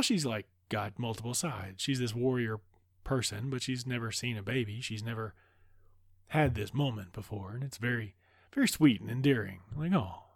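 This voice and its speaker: A man recaps a film in a loose, profane, excited way. His voice sits at an average pitch. The sound is dry, with no room echo. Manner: loose, profane, enthusiastic retelling.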